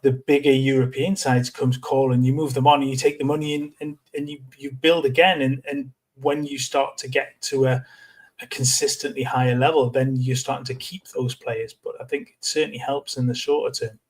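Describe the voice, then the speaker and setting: Flat-voiced man, halting podcast co-host. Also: medium pitch. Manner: hesitant, repeats words while thinking. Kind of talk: casual fan podcast chat.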